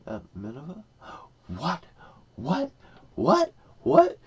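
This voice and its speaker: A man voicing a bewildered man spat out by a whale, shouting in high-pitched disbelief. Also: huge pitch swings, slow, vocal fry, husky, full character voice. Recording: dull lo-fi recording.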